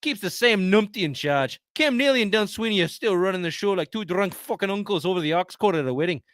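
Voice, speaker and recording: A man putting on a wobbly mock Scottish accent to voice a crude, foul-mouthed sports ranter in a loud comic rant. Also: high voice, expressive, fast talker, voice pushed up. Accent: mock Scottish, drifting Irish and French.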